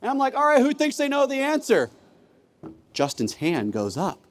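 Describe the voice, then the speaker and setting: High, animated man speaking in a reverberant hall. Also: normal speed, slight background noise. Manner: animated, acts out classroom dialogue. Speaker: keynote speaker, former teacher. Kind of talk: conference keynote storytelling. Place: large conference hall.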